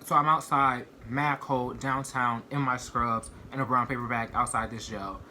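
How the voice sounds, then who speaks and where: A young man recounts a story to his camera in a loose, rambling way, leaning on "like" and "you know what I mean." His voice is bright and forward, with a faint hiss of noise behind it. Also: mid-range voice, fairly even intonation, normal speed. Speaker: vlogger. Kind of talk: casual storytime.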